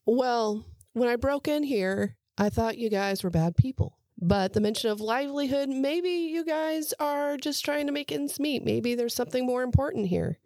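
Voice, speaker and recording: A woman's voice: high-pitched, moderate pace, hardly any pauses, a little mellow, dry recording, studio quality. Hesitant woman playing a tabletop character. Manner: hesitant, bargaining. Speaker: player. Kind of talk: in-character role-play.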